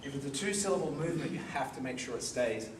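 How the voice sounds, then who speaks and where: Recorded from a distance in an echoey hall with background noise, a karate instructor runs a seminar, showing moves and checking on the group. His mid-range voice is expressive and he talks quickly.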